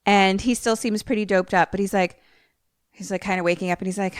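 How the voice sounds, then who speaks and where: A woman's voice: mid-range voice, fairly even intonation, a little fast, clean tone, dry recording, studio quality. A woman co-hosting a podcast in casual chat, rambling as she recaps a film and breaking into raised voices when she quotes characters. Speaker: podcast co-host.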